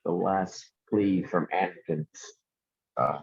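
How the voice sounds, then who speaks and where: A man's voice: sits low, slow pace, gravelly, slightly rough, no room sound. A man co-hosting a podcast in casual chat, cutting in with questions and short additions. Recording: dull, dry lo-fi recording.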